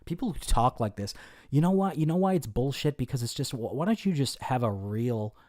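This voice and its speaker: A man's voice: mid-range voice, animated, fairly quick, a little mellow, dry recording, studio quality. A man hosting a casual livestream, answering his chat in a rambling, profane way, full of fillers and restarts. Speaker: livestream host.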